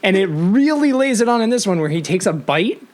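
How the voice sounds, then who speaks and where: A young man co-hosting a casual podcast, animated, laughing often and acting out quotes. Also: sits high, a little fast. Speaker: podcast co-host. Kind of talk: casual chat.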